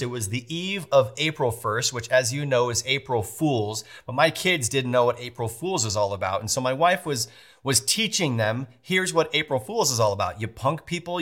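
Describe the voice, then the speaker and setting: A man in his thirties, a pastor telling a family story in a sermon, animated and acting out the voices of his wife and kids. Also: mid-range voice. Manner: animated, acts out family dialogue with playful voices.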